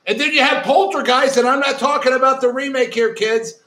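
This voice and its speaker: A man's voice: very high voice, brisk, pushed and bright. A man co-hosting a podcast in casual chat, playful and teasing, full of movie references. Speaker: podcast co-host.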